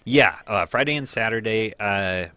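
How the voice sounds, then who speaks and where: A man's voice: fairly low pitch, moderate pace, pushed and bright, clean tone, dry recording. A man co-hosting a local radio news review, chatting casually with frequent fillers and restarts. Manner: chatty, stumbling with many fillers.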